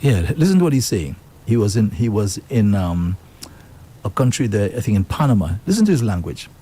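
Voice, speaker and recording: A man's voice: on the low side, big pitch swings, brisk, mellow, husky. A man hosting a talk radio show, speaking, emphatic and indignant as he reads out and comments on news.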